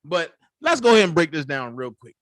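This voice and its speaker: A man's voice: fairly high pitch, big pitch swings, a little fast, fairly bright tone, dry recording. A man hosting his own commentary channel, talking in a casual, profane, storytelling way. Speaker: channel host.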